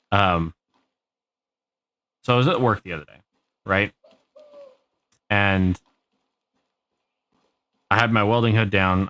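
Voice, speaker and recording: A man's voice: sits low, fairly bright tone, dry recording. A man live streaming a game, telling a rambling, profane story to his chat. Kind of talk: casual storytelling while gaming.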